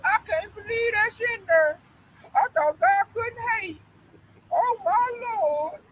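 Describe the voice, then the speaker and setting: A woman's voice: takes it slowly, heavily acted, low-quality recording. A man voicing his elderly churchgoing grandmother, exclaiming in shock and indignation. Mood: shaken. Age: older. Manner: shrill exclamations, shouting.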